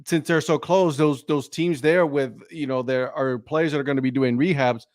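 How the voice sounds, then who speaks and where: A man's voice: medium pitch, fairly even intonation, normal speed, no room sound, clean studio sound. A man hosting a casual sports talk stream, rambling loosely with lots of fillers and "right?" tags. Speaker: show host. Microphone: live stream mic.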